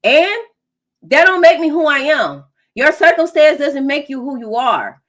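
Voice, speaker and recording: A woman's voice: high-pitched, lively intonation, measured pace. A woman giving an emphatic, preachy collective tarot reading, laughing often. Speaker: tarot reader.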